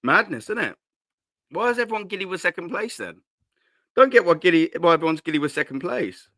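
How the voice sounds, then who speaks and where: A man's voice: high voice, expressive, fairly quick, sharp tone, no room sound, studio quality. A man hosting a casual live stream from home, rambling and swearing with lots of slang into a cheap desk mic at his laptop. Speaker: host.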